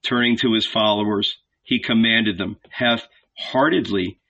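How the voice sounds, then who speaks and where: A man reading a novel aloud as the regular reader, slow and deliberate, closing with an affectionate sign-off. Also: fairly low pitch, gravelly, bright, forceful tone, highs cut off. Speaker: audiobook reader. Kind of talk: scripted narration.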